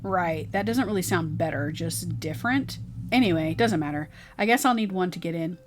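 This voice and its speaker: A woman's voice: lowish voice, lively intonation, moderate pace, music in the background, close to an everyday voice. A woman voicing a blunt detective who questions people in a dry, skeptical way.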